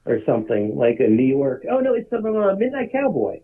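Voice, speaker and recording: A husky-voiced man co-hosting a relaxed podcast about movie soundtracks, with a mid-range pitch. He chuckles and tosses in dry, teasing asides. His voice comes through a tinny, phone-like line. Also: brisk. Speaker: podcast co-host. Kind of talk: casual film soundtrack chat.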